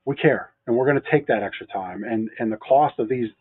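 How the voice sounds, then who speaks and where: A man's voice: medium pitch, fairly quick, husky, no echo. A man co-hosting a casual business chat, easygoing and joking, adding sarcastic asides. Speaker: mattress store owner co-hosting a local show. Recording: dry, phone-like narrow sound.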